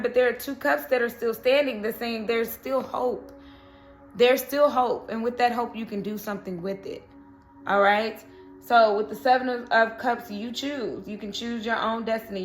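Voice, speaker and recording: A woman's voice: a little high, normal speed, a bit bright. A woman reading tarot cards in a casual chat, who keeps checking in with "okay?" and "you know". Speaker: tarot reader.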